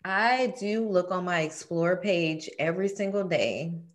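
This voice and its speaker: A woman's voice: lowish voice, animated, measured pace. A woman co-hosting a casual chat, playful and laughing often. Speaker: podcast co-host.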